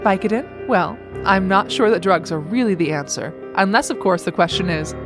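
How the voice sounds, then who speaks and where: A woman playing a proud, vengeful mother who speaks in crisp, sarcastic put-downs. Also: medium pitch, normal speed, music in the background, lightly acted. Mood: cutting sarcastic. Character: proud cutting upper-class mother, icy and vengeful. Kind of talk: comedic audio drama acting.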